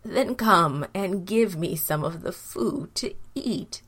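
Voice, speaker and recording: A woman voicing a frail, blind old father who speaks slowly and sadly, his voice shaking. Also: fairly low pitch, animated, a bit bright, husky, full character voice. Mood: suspicious. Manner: slow, shaky, sorrowful.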